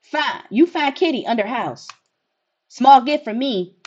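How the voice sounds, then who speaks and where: A strange, inhuman female visitor, played by a woman, talks in blunt, broken phrases with an odd, pushy edge. The voice is lively and swings in pitch, with a slightly dull, lo-fi sound. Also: measured pace. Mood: creepy.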